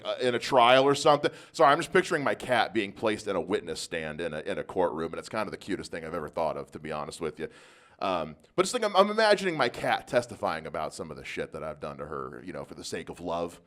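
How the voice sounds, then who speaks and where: A man's voice: lowish voice, sing-song, fast, a bit bright. Self-deprecating male stand-up comic. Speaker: stand-up comedian. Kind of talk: stand-up comedy set.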